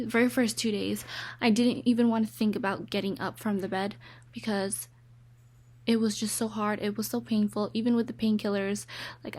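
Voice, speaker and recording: A woman's voice: medium pitch, no room sound. A young woman talking candidly in a casual recovery vlog from her bed, out of breath, rambling and laughing now and then. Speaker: vlogger. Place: bedroom, lying in bed.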